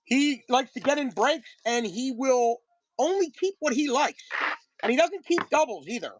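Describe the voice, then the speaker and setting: A live-stream host selling card breaks, chatting casually and greeting viewers by name, with a voice that is getting a little hoarse. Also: high-pitched, animated, moderate pace, no room sound, low-quality recording.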